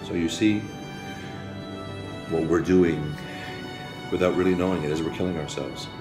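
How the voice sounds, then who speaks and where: A man giving a preachy, repetitive motivational speech about health, swinging from hushed, grave passages to rousing calls to change. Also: low-pitched, fairly even intonation, normal speed. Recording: roomy with faint music behind.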